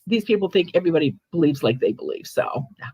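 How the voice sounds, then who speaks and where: An older woman hosting a casual chat, telling stories in a chatty, animated way with frequent restarts. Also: on the low side, fast talker, slightly rough, no echo, low-quality recording. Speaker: host, ghost medium.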